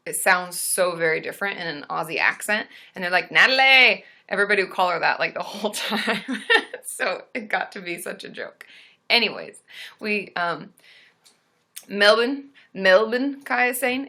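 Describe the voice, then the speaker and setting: A woman's voice: medium pitch, sharp tone. A woman therapist hosting a casual live stream, chatting to viewers in a bubbly, rambling way with lots of fillers.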